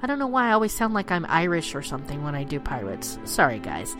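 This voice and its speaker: A woman's voice: deep voice, fast talker, soft background music. A woman hosting a radio podcast, reading a scripted segment and signing off affectionately to her listeners. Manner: lively, affectionate sign-off. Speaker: podcast host. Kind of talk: scripted narration.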